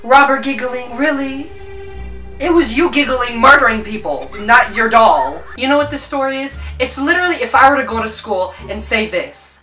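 A woman YouTuber reacting to videos, screaming, swearing and exclaiming loudly, recorded in a roomy space with the mic at a distance. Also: on the high side, expressive, moderate pace, faint music behind.

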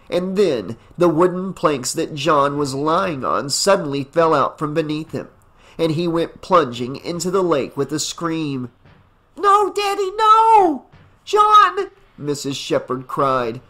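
A man narrating a fan novelization as an audiobook in a dramatic, deliberate reading. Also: a little high, a bit bright. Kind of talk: scripted narration.

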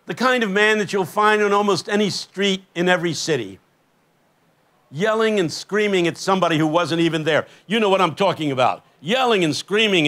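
Brief: older male preacher, high and bright, impassioned storyteller on a festival stage. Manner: impassioned storytelling, rising to emphatic peaks. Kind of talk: sermon.

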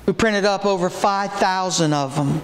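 High-voiced country preacher, echoey church. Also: male voice, normal speed, background noise. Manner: folksy storytelling with sudden shouted exhortations. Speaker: pastor. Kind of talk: sermon. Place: church sanctuary.

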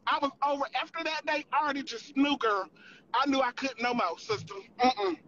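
A storyteller spilling gossip on a livestream, profane and animated, constantly calling the listener girl and boo. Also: sits high, brisk, highs cut off, a little hiss or hum.

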